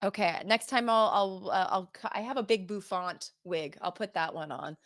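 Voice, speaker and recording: A woman's voice: mid-range voice, moderate pace, fairly bright tone, no room sound, clean studio sound. A woman podcast host wrapping up a casual interview, effusive and chatty with rambling asides.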